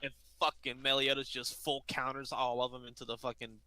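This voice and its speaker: Bright crisp-voiced male co-host. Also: mid-range voice, little pitch movement, a little fast, no echo. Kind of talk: casual chat.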